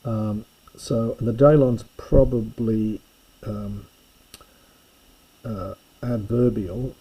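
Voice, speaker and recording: A man giving a recorded lesson, reading and explaining a Greek text in a slow, methodical way with frequent pauses and fillers. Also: on the low side, fairly even intonation, dark tone, breathy edge, rough recording. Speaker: teacher.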